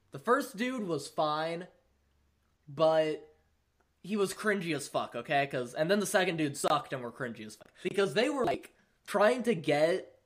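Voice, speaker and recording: Laid-back, foul-mouthed podcast storyteller. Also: mid-range voice. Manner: profane, laughing, animated storyteller. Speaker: podcast host. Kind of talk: casual storytelling chat.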